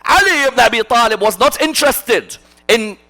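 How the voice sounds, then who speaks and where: A man giving an impassioned religious lecture, asking rhetorical questions and swinging between loud emphasis and hushed asides. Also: very high voice, animated, normal speed. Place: mosque hall.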